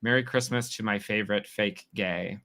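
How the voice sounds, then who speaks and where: Bright-voiced chatty male streamer. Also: on the low side, steady tone. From New York. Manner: chatty, teasing, quick reactions to chat. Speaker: livestream host. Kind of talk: casual livestream chat reading comments.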